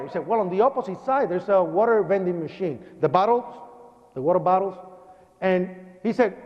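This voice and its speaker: A man's voice: high voice, lively intonation, normal speed, pauses often, a little mellow. A Puerto Rican man giving a personal testimony speech in a church, acting out the dialogue of his story as he tells it. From Puerto Rico. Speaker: speaker. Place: church hall. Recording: dull broadcast audio with long hall reverb.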